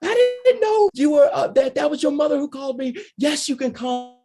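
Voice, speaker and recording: A man voicing an excited woman cousin who gushes in a high, breathless rush. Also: vocal fry, full character voice. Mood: thrilled. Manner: breathless, high, rapid gushing.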